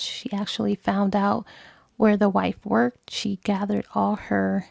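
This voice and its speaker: A woman book reviewer casually retelling a novel's plot, animated and slipping into acted dialogue. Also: mid-range voice, slow, gravelly, dry recording, studio quality.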